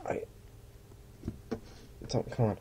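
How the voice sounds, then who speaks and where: A man's voice: very slow, warm tone, slight background noise. A man giving casual, rambling commentary while playing a flight simulator. He mutters and mocks himself, and now and then slips into mock pilot announcements.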